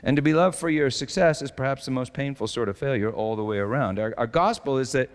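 A male pastor preaching a reflective sermon, slowing down to stress his key lines. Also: mid-range voice. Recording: long hall reverb.

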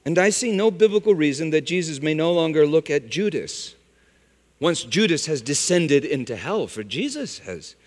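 A man preaching a sermon, swinging from loud exclamations to hushed, low phrases. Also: animated, moderate pace. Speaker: pastor. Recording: long hall reverb.

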